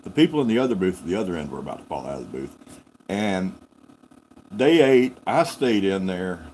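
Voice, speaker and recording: A fairly low-voiced man spins a folksy, rambling yarn on a live farm stream. He corrects himself as he goes, unhurried and homespun. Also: very animated, darkish tone, slight background noise, poor audio. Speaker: farm channel host.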